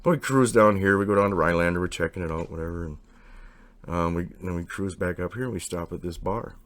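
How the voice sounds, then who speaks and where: A man with a low voice tells a long, wandering personal story in casual, unpolished speech. He keeps acting out what people said, and his voice jumps higher in those quoted bits. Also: fast. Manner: rambling, animated, acts out quotes with raised pitch.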